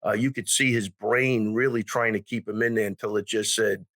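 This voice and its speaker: A man with a New York accent, a guest on a fight podcast, talking bluntly in a halting way with many restarts and some swearing. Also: fairly low pitch, steady tone, fairly bright tone, no echo. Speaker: guest, MMA coach. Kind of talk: casual sports chat.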